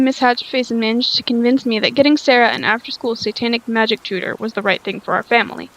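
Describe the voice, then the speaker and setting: A woman's voice: on the high side, highs cut off. A woman reading a story aloud, sounding tired, stumbling over lines and rereading them. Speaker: story reader.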